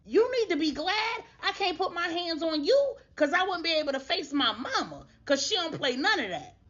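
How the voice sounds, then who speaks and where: A brash, hot-headed young man, as a woman puts him on for a spoken story. He shouts and swears, his voice leaping high and wide in pitch, and the recording sounds dull and lo-fi. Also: sing-song, normal speed. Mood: furious.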